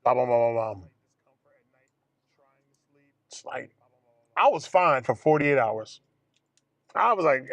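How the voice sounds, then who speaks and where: A man telling a personal story casually to his viewers in an animated way, acting out other people's lines as he goes. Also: medium pitch, takes it slowly, long pauses, no echo, muffled recording. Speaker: vlogger.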